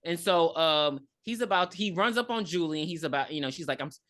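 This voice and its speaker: A woman co-hosting a podcast, casually retelling a movie's plot in a blunt, animated way with cursing. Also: on the low side, fairly quick. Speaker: podcast co-host. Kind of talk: casual chat recapping a movie.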